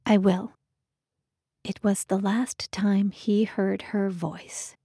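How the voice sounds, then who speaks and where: A woman narrating a romance novel in a calm, measured audiobook reading. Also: mid-range voice, slightly rough, dry recording, clean studio sound. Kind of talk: scripted narration.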